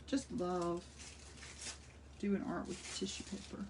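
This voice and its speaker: A woman's voice: fairly low pitch, level tone, slow pace, a little mellow, distant mic. Chatty older woman demonstrating collage. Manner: chatty and enthusiastic, thinking aloud while working. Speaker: art instructor. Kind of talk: casual craft demonstration. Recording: voice slightly off-mic with faint room noise.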